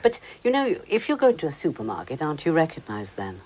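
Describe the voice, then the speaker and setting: A woman's voice: low-pitched, wildly swooping pitch, quick pace, darkish tone. A woman interviewing a guest, putting probing and teasing questions. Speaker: radio interviewer.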